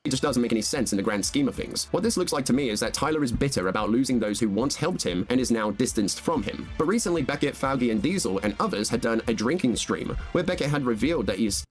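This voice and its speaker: Fast-talking male video narrator. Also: medium pitch, animated, soft background music. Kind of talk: scripted narration.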